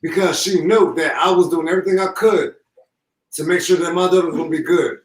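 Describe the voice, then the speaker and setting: A grieving father speaking through tears, halting and repeating himself with deep emotion. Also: fairly even intonation. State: holding back tears. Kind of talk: emotional live call-in. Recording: echoey call from far off.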